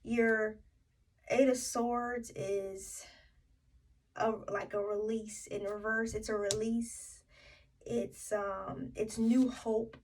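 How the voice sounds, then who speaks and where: A woman's voice: fairly high pitch, little pitch movement, slow pace, darkish tone, recorded from a distance, low-quality recording. A woman giving a tarot reading to her viewers, thinking aloud with many fillers and restarts. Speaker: tarot reader.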